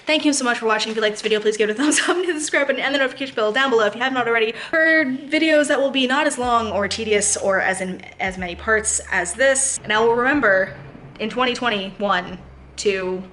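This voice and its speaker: A young woman chatting to camera about books she read, talking in quick asides and laughing often. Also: fairly high pitch, a bit bright, slight background noise. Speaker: book vlogger. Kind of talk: casual chat to camera.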